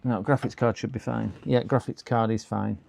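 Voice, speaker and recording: A man's voice: lowish voice, fairly even intonation, moderate pace, gravelly, a little mellow, a little hiss or hum. A middle-aged man from the UK chatting casually on a live repair stream, muttering to himself, answering viewers and now and then groaning in exasperation. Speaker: livestreaming repair technician. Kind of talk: casual live-stream chat while working.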